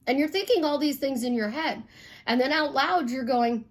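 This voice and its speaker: A woman from Chicago, a life coach, telling stories bluntly in an animated, casual monologue with some swearing. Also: high-pitched, normal speed.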